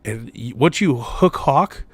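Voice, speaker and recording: A man of medium pitch co-hosting a wrestling podcast in a relaxed, profane ramble. His voice is dry and close to the mic. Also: slow pace, slightly rough, no echo. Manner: laid-back, swears freely. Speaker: podcast co-host. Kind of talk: casual wrestling podcast chat.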